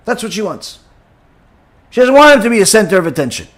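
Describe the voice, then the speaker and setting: Animated high-voiced rabbi teaching. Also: male voice, quick pace. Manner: animated, emphatic, many "you know" fillers, religious terms. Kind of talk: Torah lesson.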